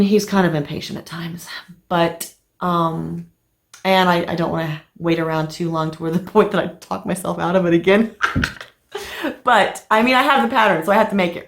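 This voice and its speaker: A middle-aged woman chatting casually to camera as a crafting vlogger, telling stories in a lively, animated way with plenty of fillers. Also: on the low side, moderate pace, roomy sound.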